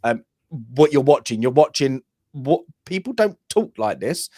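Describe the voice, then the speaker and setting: A man's voice: medium pitch, very animated, unhurried, a little mellow, no room sound, clean studio sound. A young man co-hosting a casual film review chat, opinionated and rambling with many restarts. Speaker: podcast co-host.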